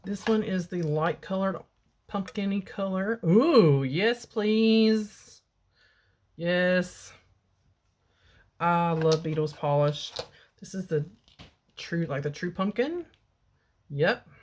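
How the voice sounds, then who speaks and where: A woman's voice: takes it slowly, long pauses, darkish tone, a little hiss or hum. A middle-aged woman chatting casually at home about gel polish she bought, showing each bottle to the camera. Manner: chatty, baby-talks her cat in a high cooing voice. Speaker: beauty vlogger. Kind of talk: casual product haul chat. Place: home bedroom.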